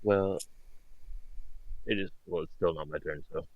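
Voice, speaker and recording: A man's voice: low-pitched, steady tone, unhurried, dry recording, narrow, tinny audio. A man playing a tabletop game, hesitant and careful about the rules. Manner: hesitant, rules-minded, many fillers. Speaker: player.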